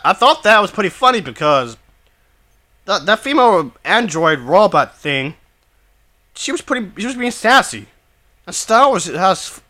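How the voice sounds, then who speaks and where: A man talks through his opinions in a bright, fairly high voice. He stops and restarts often, repeating phrases as he searches for words. His tone turns blunt and dismissive. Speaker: video commentator. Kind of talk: opinion commentary.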